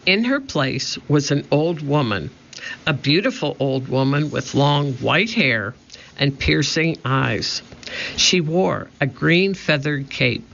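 Man, children's storybook narrator, slow, bright, muffled. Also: fairly high pitch, gravelly. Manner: steady, expressive reading. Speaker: audiobook narrator. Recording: muffled lo-fi audio.

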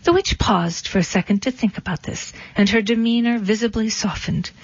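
Deadpan woman narrating a satirical fairy tale. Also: mid-range voice, no echo. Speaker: storyteller. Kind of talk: scripted story narration. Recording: dull lo-fi recording.

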